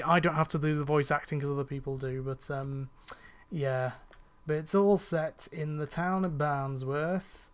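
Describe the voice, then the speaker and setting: A young man from northwest England with a faint, fairly neutral northern English accent, rambling in casual chat while gaming. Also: a little high. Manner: chatty, rambling, many fillers and restarts. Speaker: gaming channel host.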